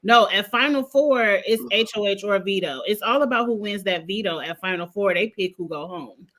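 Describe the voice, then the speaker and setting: A woman's voice: mid-range voice, normal speed, fairly bright tone. A woman co-hosting a casual podcast chat, giving blunt, firm opinions. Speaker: podcast co-host.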